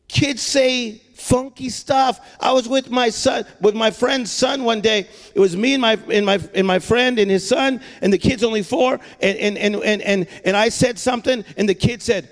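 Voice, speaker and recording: A man preaching a lively sermon, repeating words, joking with the crowd and shouting for emphasis. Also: extremely high pitch, big-room sound. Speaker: pastor.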